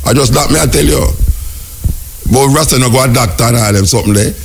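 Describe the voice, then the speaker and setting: A man's voice: mid-range voice, fast, vocal fry, slight background noise. A man with a Jamaican accent hosting call-in radio, lecturing a caller in an exasperated, sing-song patois. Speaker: radio host.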